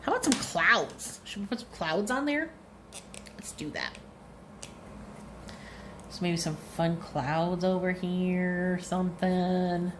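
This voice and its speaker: A woman's voice: on the low side, takes it slowly, pauses often, fairly bright tone, a little hiss or hum. A woman, a librarian leading a cheerful craft demo at her kitchen table, talking to viewers in a sing-song way.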